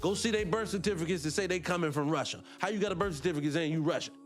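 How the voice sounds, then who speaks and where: A male morning-show host delivers a heated livestream monologue in a high voice. He drifts off on tangents, laughs to himself, then snaps back with question after question for his listeners. Faint music plays in the background. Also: rapid-fire. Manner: impassioned, fires rhetorical questions at listeners; digresses, laughs between points.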